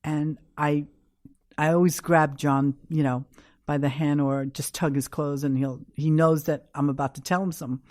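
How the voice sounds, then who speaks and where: Low-voiced older New York woman. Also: fairly even intonation, normal speed, a little mellow, no room sound, clean studio sound. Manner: candid, anecdotal, acts out quotes. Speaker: guest. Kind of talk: storytelling in an interview.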